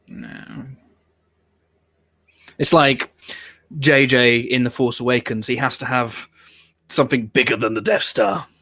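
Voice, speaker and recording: A man's voice: mid-range voice, fairly even intonation, moderate pace, pushed and bright, no echo. Man rambling through dry reaction commentary. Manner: rambling, opinionated, swears casually. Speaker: host of a watch-along show.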